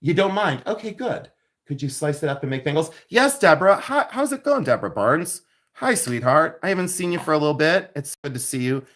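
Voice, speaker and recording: A man's voice: fairly high pitch, big pitch swings, brisk, a bit bright. Chatty man demoing silversmithing live. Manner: chatty, playful, laughs often, greets viewers. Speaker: silversmith jewelry maker. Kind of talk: livestream demo with chat. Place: jewelry studio.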